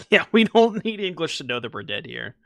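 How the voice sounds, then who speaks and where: Lively, chatty male game streamer. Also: on the high side, normal speed, vocal fry, no room sound, clean studio sound. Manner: chatty, self-mocking, talks to chat. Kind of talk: casual gameplay commentary.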